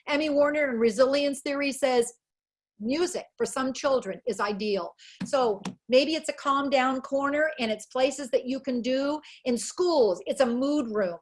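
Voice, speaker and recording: A middle-aged woman presenting a webinar on child psychology, talking energetically in quick bursts and acting out quoted dialogue with life. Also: sits high. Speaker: educational psychologist giving a webinar talk.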